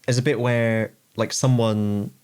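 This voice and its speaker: A man's voice: medium pitch, flat delivery, measured pace, a little mellow, clear, resonant tone. A man co-hosting a casual podcast chat, laughing often and retelling comedy scenes. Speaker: podcast co-host.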